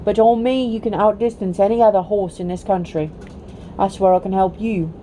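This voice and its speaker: A woman's voice: mid-range voice, fairly even intonation, moderate pace, warm tone, a little hiss or hum, close to an everyday voice, rough recording. A woman voicing a proud, scornful male talking war horse in a storybook read-aloud, with bossy, clipped speech. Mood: brisk, bossy.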